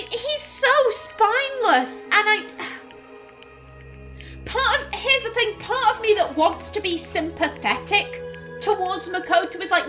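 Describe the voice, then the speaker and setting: A high-voiced woman hosting a let's play comments on the game she's playing, exasperated and expressive and swearing freely. She speaks unhurriedly, leaning on her words, with faint game music underneath.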